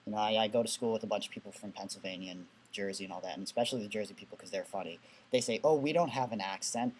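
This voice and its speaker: A man's voice: lowish voice, steady tone, racing, slight background noise. A young man with a Southern New England accent, dropping his T's to glottal stops, answering questions in a casual vlog with dry, sardonic asides. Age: young adult.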